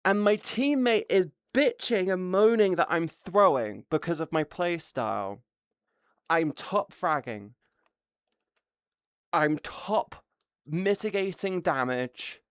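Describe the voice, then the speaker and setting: Excitable woman streamer. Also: fairly low pitch, slow, clean tone, no echo, clean studio sound. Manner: excitable, swears a lot, laughs mid-sentence. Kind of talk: casual livestream storytelling.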